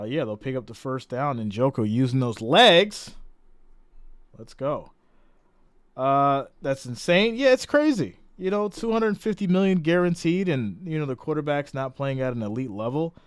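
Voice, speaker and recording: A man's voice: mid-range voice, lively intonation, unhurried, clean tone, dry recording. Chatty male play-by-play streamer, dry sound. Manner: chatty, reads out viewer comments and greets them. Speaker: live stream sports commentator. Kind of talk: casual play-by-play and chat on a live stream.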